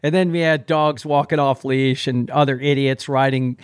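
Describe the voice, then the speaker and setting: A man's voice: mid-range voice, steady tone, normal speed, clear, resonant tone, no echo, clean studio sound. A man hosting a casual chat, recapping the guest's story with enthusiastic asides.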